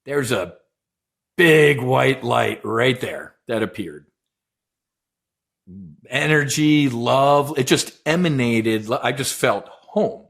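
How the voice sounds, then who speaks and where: A middle-aged man, a former naval aviator, recounting a deep personal experience in an intense, animated way, swearing and acting out quoted dialogue. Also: slow pace, creaky, long pauses. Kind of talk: emotional storytelling in casual chat.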